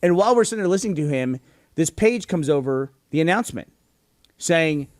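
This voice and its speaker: Animated man telling a story, slightly high. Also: brisk, no room sound, clean studio sound. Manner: animated, laughs through his stories. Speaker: podcast co-host. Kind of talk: casual storytelling chat. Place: podcast studio.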